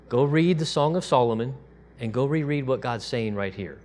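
A man preaching a sermon to his congregation in a relaxed, conversational way, dropping to a soft, quiet voice when he quotes God. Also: mid-range voice, fairly quick. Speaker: pastor.

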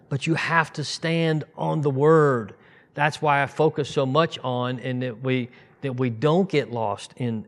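A man in his fifties preaching in a loose, conversational way, wandering off into side stories as he goes. His voice sits at an ordinary middle pitch. When a point matters to him, his voice climbs into loud, emphatic bursts. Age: 50s. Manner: conversational, digressive, rising to emphatic outbursts. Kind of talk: informal sermon.

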